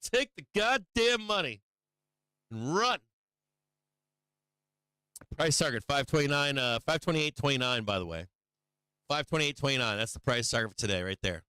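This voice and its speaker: A man's voice: medium pitch, very animated, moderate pace, pauses often, pushed and bright, clean tone, no room sound. A man hosting a stock market livestream, giving brash, profane live trading commentary and laughing often.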